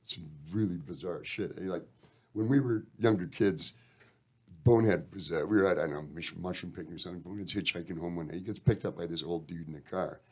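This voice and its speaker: A man's voice: sits low, fast, husky. A Canadian man, a band member guest on a radio show, telling long rambling stories with lots of swearing and "eh". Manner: rambling, profane, uses "eh". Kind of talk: casual storytelling interview.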